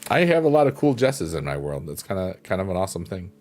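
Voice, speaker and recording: A man live-streaming, chatting casually and reading viewer comments, soft-spoken and reflective, pausing with fillers. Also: low-pitched, sing-song, a little hiss or hum. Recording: piano music playing behind the voice.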